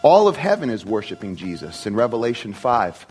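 A man's voice: lowish voice, big pitch swings, fairly quick, darkish tone, faint music behind, poor audio. A man preaching a sermon in an earnest, emphatic way, often repeating and restarting words.

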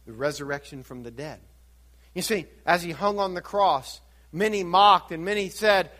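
A man's voice: high voice, moderate pace, fairly bright tone. A man preaching a sermon, teaching through scripture with rhetorical questions and building to fervent emphasis. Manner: asks rhetorical questions and answers them. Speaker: pastor.

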